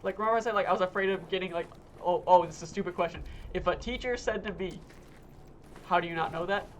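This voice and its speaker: A young adult streamer chats casually while playing a game. The talk rambles, restarts and swears, stacked with fillers. The voice sits at a middling pitch over a faint room hum. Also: fast. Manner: rambling, profane storytelling full of fillers. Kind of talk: casual chat while gaming.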